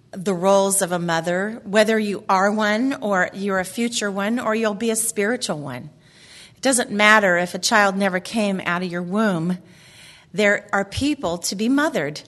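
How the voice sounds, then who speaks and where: A woman's voice: medium pitch, a bit bright. A middle-aged woman giving a casual faith talk to a group, chatty and laughing often as she reads quotes aloud. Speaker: women's ministry speaker.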